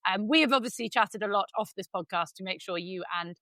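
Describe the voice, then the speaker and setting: Bright-voiced teasing woman host. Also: mid-range voice, fast talker, no echo. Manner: teasing, lively, swears casually. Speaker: podcast host. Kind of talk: casual chat.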